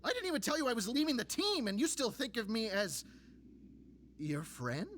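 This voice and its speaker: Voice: medium pitch, very animated, normal speed, a bit bright. An actor voicing a tired, unlucky veteran adventurer in a game, with a dry, sighing delivery. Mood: weary. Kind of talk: game voice acting.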